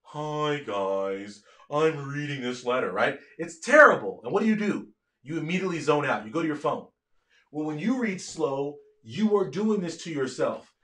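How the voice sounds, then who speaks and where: Energetic man lecturing live online. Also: a little high, normal speed, echoey room. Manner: energetic, keeps asking the audience questions. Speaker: medical education lecturer. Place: office at home.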